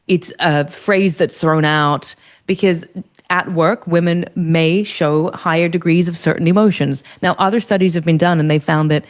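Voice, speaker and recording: A woman, a leadership strategist, speaking as an interview guest and explaining ideas clearly and fluently. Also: lowish voice, fairly even intonation, normal speed. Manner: articulate, warm, explanatory. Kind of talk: conversational interview.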